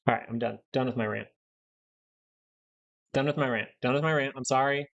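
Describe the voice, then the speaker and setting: A man's voice: medium pitch, fairly even intonation, normal speed, vocal fry, fairly bright tone, lo-fi sound. A young man hosting a live stock market stream, ranting bluntly and repeating points for emphasis. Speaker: stock market livestream host.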